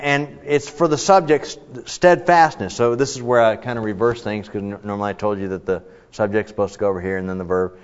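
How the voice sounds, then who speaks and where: Man teaching the Bible in a hall. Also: mid-range voice. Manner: conversational, emphatic, restarts often. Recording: dull audio, long reverb in a hall.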